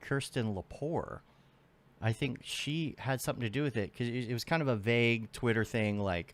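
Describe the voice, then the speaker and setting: A man's voice: medium pitch, lively intonation, normal speed. A man hosting a podcast in casual interview chat, rambling and trailing off as he searches for his thoughts. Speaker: podcast host.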